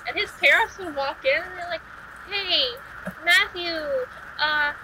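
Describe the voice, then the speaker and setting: A woman's voice: high-pitched, a little fast, noisy background. A woman in casual podcast chat, telling blunt, wry stories.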